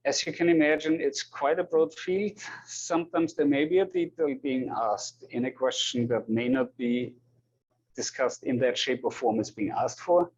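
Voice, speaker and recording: A man with an Austrian German accent lectures at a university, taking questions and calling the roll; his medium-pitched, darkish voice is steady in tone and normal in speed. He sounds hesitant and apologetic, often repeating words, on a dull lo-fi classroom recording.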